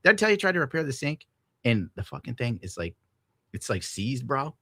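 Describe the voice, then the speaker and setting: A young man rants to his chat in a loose, profane, animated way, laughing often as he reads donations. His voice is bright and forward. The sound is close and dry, with no room around it. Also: mid-range voice, a little fast, breathy edge, no echo. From United States. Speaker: streamer reading donations. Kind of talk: casual rant to chat.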